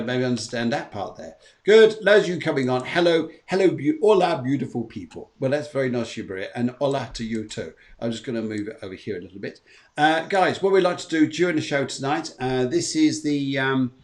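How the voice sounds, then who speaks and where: Chatty man hosting a live stream. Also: mid-range voice. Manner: chatty, greets viewers by name, repeats phrases. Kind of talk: casual live-stream chat. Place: home in Spain.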